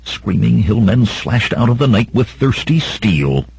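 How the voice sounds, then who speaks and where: A man's voice: lowish voice, sing-song, measured pace, creaky, a little mellow, breathy edge, no room sound. A man reading a sword-and-sorcery audiobook as dramatic narration, raising his voice for the battle cries. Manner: acts out battle cries in a raised voice.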